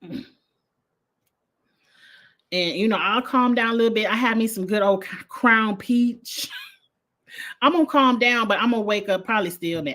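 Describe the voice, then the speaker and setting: A woman, reviewing a reality show in a blunt, animated casual livestream chat with frequent laughter. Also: a little high, normal speed, pauses often. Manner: blunt, animated, laughs often, uses slang.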